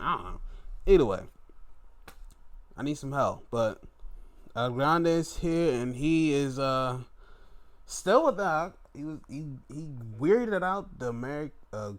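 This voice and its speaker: Animated, profane young man recapping. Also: fairly high pitch. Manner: animated, profane, laughs and swings between loud outbursts and mumbling asides. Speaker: podcast host. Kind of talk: casual solo recap of wrestling and sports.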